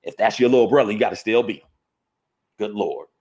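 A man's voice: lowish voice, brisk, a little mellow, husky. A man on a sports podcast ranting heatedly in casual slang. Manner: fired-up, repetitive, ranting with slang. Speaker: podcast co-host.

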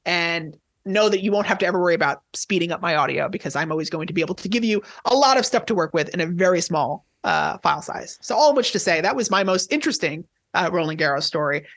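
A man who is a tennis journalist, chatting as a podcast guest, talking quickly and excitably with lots of restarts. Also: on the high side, vocal fry, dry recording. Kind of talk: casual podcast chat.

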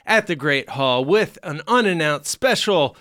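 A man hosting a podcast, chatting casually with laid-back, deadpan asides. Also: on the high side, unhurried, no echo, studio quality. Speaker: podcast host. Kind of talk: casual chat.

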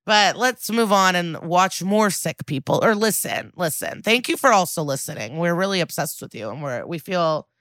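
An American woman co-hosting a podcast, chatting casually and animatedly with quick asides and laughter. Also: fairly low pitch, lively intonation, a bit bright, no echo. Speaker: podcast co-host. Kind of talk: casual chat.

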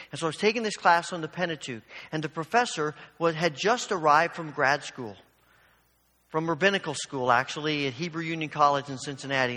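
A man with a slightly high, sharp-toned voice preaches as a pastor, first telling a personal story, then urging listeners on with rising fervor. The sound carries a long hall reverb.

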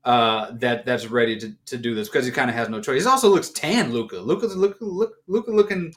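A man's voice: mid-range voice, fairly quick. A man co-hosting a casual sports talk show, rambling through his points with restarts and bursts of laughter. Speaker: co-host.

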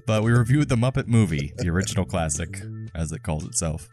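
A man's voice: low-pitched, animated, a little fast, a little mellow. A man co-hosting a casual podcast, easygoing and laughing often. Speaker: podcast co-host.

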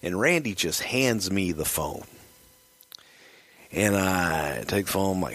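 A man's voice: deep voice, expressive, measured pace, fairly bright tone. A man telling a rambling, profane anecdote in a casual storytelling style.

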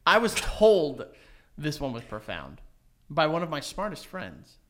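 Male podcast co-host, lively pitch, rambling storyteller, casual. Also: a little slow, slight background noise. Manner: rambling, filler-heavy storytelling. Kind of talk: casual comedic chat.

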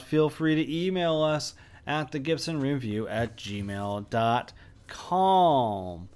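A man's voice: mid-range voice, animated, slow, darkish tone, clear, resonant tone. A man co-hosting a movie podcast, explaining at length with frequent restarts. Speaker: podcast co-host. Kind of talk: casual movie review chat.

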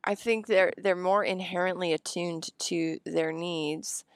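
A woman with a fairly low voice shares her thoughts on parenting in a calm, considered way. She is recorded close up and dry, with no echo. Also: a little slow. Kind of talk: casual chat.

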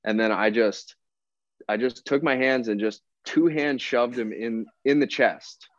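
With a medium-pitched voice and a slightly slow delivery, a young man who plays pro baseball tells a casual story as a podcast guest, recorded dry. He's relaxed and conversational, voicing the other people and quoting their dialogue, in dull, lo-fi sound.

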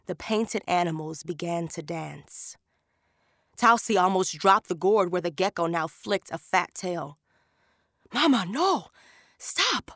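A woman narrating an audiobook story in an unhurried, measured way. Her voice sits fairly low and has a gravelly edge. The recording is dry and close. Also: dry recording.

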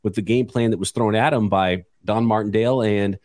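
Low-voiced, blunt, chatty man. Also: steady tone, fairly quick, darkish tone, no room sound, studio quality. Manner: blunt, chatty, restarts often. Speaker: podcast host. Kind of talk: casual sports chat.

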